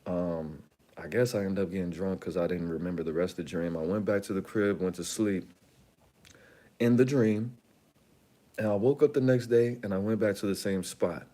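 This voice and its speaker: Laid-back low-voiced man telling a story. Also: normal speed, mellow. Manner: rambling, loose, with frequent slang and asides. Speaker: channel host. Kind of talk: casual storytelling.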